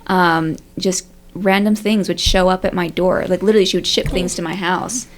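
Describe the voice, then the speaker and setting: A woman's voice: lowish voice, steady tone, normal speed, slight background noise. A young woman on a faith podcast panel, telling a heartfelt personal story in a chatty way, full of fillers and "like"s. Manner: chatty, many fillers and likes, emotional.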